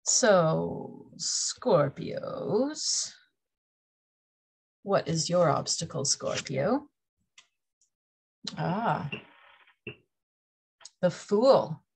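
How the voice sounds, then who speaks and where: A woman's voice: on the low side, big pitch swings, extremely slow, creaky, long pauses, husky. A middle-aged woman from Canada giving a chatty, playful tarot reading to camera, laughing often between her points. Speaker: tarot reader.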